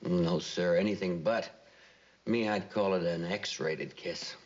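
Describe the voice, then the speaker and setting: An actor playing a plain-spoken, opinionated witness on the stand. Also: male voice, low voice, takes it slowly. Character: gossipy male witness, sure of himself. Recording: dull old TV sound.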